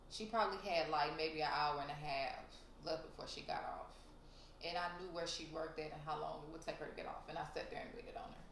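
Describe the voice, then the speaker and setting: A woman's voice: lowish voice, fairly bright tone, slight background noise. A young woman vlogger telling a storytime to her viewers in a blunt, profane, heated way. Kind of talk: casual storytelling to camera. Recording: roomy echo.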